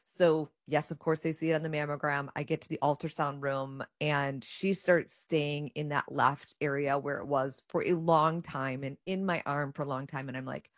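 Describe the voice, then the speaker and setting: Low-voiced woman telling her story. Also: moderate pace, hardly any pauses, no echo, clean studio sound. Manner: animated, acts out her own and others' quoted words. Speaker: guest sharing her cancer story. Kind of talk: casual personal storytelling.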